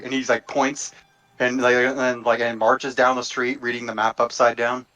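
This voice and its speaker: A man's voice: medium pitch, flat delivery, normal speed, sharp tone. A man playing a tabletop game, chatting casually and describing his character. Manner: chatty, laughs and trails off. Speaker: player.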